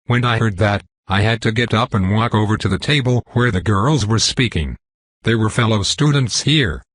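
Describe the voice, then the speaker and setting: A man narrating a fantasy web novel in the first person, with measured, even storytelling. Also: fairly low pitch, no echo. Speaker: audiobook narrator.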